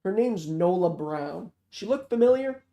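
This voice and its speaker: A man voicing a dry, guarded female FBI agent with quick comebacks in a read-aloud novel. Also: sits high, expressive, dark tone, dull audio. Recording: roomy echo.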